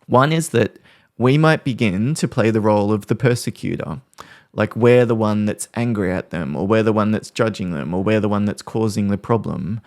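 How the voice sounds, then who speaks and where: A man hosting a podcast, calmly explaining ways to handle conflict with examples from family life. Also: fairly low pitch, moderate pace, no echo, clean studio sound. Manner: calm, explanatory, talks through examples. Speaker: podcast host. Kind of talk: podcast talk on parenting conflict.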